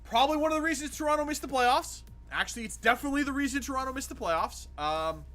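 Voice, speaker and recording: A man's voice: very high voice, animated, fast talker, fairly bright tone, soft background music. A man hosting a gaming livestream, chatting casually with viewers in a jokey, sarcastic, rambling way. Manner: jokey and sarcastic, answers chat, rambling with restarts. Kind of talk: casual livestream chat while playing.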